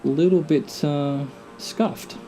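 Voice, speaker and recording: A man's voice: fairly high pitch, steady tone, slow, warm tone, faint music behind. A middle-aged Australian man giving casual gameplay commentary, muttering to himself with dry, self-mocking jokes. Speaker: gamer.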